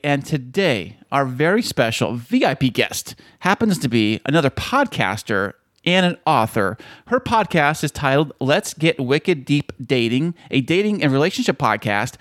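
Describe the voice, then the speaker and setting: A man's voice: on the high side, fairly bright tone, no room sound, studio quality. A man co-hosting a podcast in a jokey, upbeat manner. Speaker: podcast co-host. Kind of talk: casual podcast chat.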